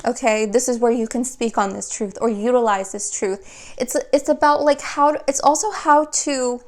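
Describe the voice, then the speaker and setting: A young woman giving a spiritual tarot reading, talking in a quick, flowing way that often restarts and repeats her phrases. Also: a little high, a little mellow. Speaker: tarot reader.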